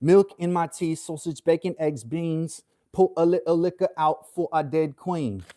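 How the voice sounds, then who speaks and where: A man's voice: a little high, moderate pace, warm tone, voice pushed up, lightly acted. A man putting on a British accent to play a brash, mocking rapper in a sing-song rap delivery. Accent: put-on British.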